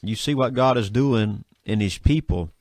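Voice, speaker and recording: A man's voice: lowish voice, normal speed, a little mellow, no room sound. A male radio host urging listeners to repent, speaking in an exhorting preacher's manner into a studio mic. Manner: urgent, exhorting. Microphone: studio microphone.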